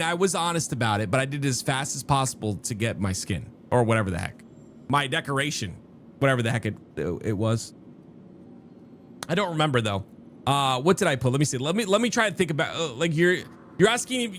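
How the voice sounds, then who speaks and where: In a casual live-stream chat while gaming, a man with a medium-pitched voice rambles to his viewers and keeps cutting himself off. Faint music plays in the background, and there's a little hiss or hum.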